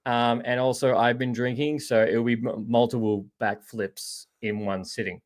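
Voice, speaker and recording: A rambling, chatty Australian man hosts a live podcast in a casual, loose way. His voice sits at an ordinary middle pitch, and he keeps throwing in "mate" while he answers viewers. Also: steady tone, normal speed. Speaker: podcast host. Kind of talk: casual live-stream chat reading viewer comments.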